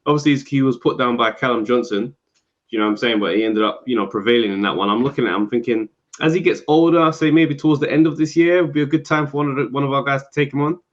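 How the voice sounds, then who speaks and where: A man co-hosting a podcast, talking in relaxed casual chat and thinking out loud. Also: medium pitch, quick pace, muffled recording. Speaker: podcast co-host.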